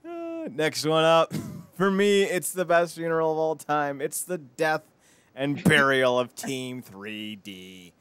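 A man co-hosting a podcast in casual chat, animated and prone to acting out quotes loudly. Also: on the high side, slow, clear, resonant tone, no room sound. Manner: animated, acts out quotes with loud outbursts. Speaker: podcast co-host.

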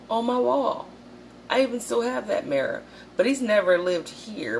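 A woman with a low, deep voice talks to camera in a casual vlog. She is blunt and profane and jumps into animated, louder quotes. A faint hum of noise sits behind her. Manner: animated, acts out quotes in a raised voice. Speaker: channel host.

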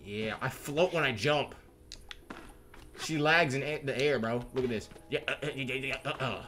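A young man giving casual, slangy commentary while playing a game, chatting excitedly and reading in-game text aloud. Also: mid-range voice, moderate pace, slight background noise. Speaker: gamer. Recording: faint game music behind.

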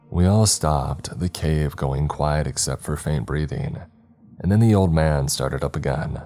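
Very deep-voiced male horror narrator. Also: dark tone. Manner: slow, measured, dramatic reading. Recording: faint background music.

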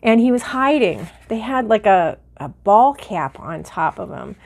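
Middle-aged woman, vlog host, chatty and easily excited, slightly teary, mid-pitched voice. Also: unhurried, creaky. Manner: chatty and excitable, with many fillers. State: teary-eyed. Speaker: vlogger. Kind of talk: casual haul and mail-opening chat.

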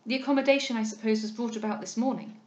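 A woman's voice: fairly high pitch, quick pace, muffled recording, lightly acted. A woman voicing a refined, earnest young lady from a period novel. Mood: anxious. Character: genteel anxious young lady heroine. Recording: roomy echo.

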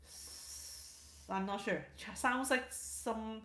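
A woman hosts a casual livestream, reading viewer comments aloud in a chatty manner, repeating words and restarting sentences. Her voice is fairly high and a bit bright, very slow, in an echoey room.

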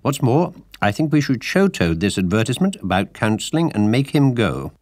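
A man's voice: medium pitch, big pitch swings, moderate pace, darkish tone, no room sound, clean studio sound, pitched above the performer's own voice. A man voicing a stern, bossy male water rat who speaks in a commanding, emphatic way. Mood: earnest.

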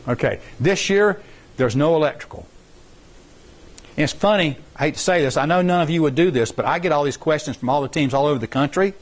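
A man's voice: a little high, fairly quick. A middle-aged man, explaining rules to students in an informal, rambling workshop style and repeating points for emphasis. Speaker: science competition workshop instructor.

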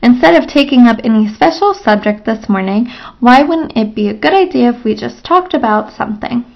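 A woman reading the part of a small male mouse acting as schoolteacher, brisk and offhand, on a lo-fi recording. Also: fairly high pitch, lively intonation, gravelly.

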